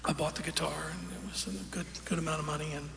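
A man telling a story on stage in a folksy, unhurried way, with fillers and quoted dialogue, recorded live in a large concert hall. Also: a little high, flat delivery, creaky. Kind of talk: onstage storytelling. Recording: roomy live hall recording with audience noise.

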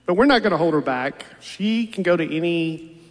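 A man's voice: a little high, expressive, normal speed. A man in his fifties doing a stand-up set on a theater stage, telling dry, self-deprecating stories. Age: 50s. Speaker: stand-up comedian. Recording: long hall reverb from a big venue.

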